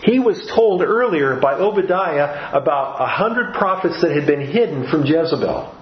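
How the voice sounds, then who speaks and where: A man's voice: a little high, lively intonation, moderate pace. Male preacher, earnest, restarts often, roomy dull recording. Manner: earnest, with frequent restarts and repeated phrases. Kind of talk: sermon.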